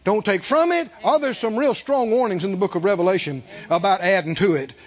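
A male pastor preaching a sermon in an animated way, drawing answers from the congregation. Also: sits high, fairly quick, dull audio. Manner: animated preaching with call-and-response.

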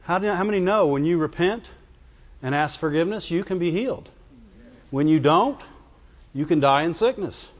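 Male preacher, high voice, chatty sermon style, dull recording, long church reverb. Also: normal speed, pauses often. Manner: conversational, asks the congregation questions, animated pitch jumps.

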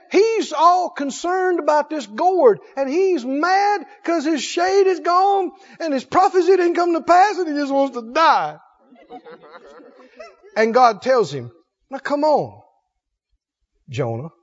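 A man preaching a sermon, folksy and animated, swinging from loud calls to low asides. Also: slow. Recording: dull sound with long hall reverb.

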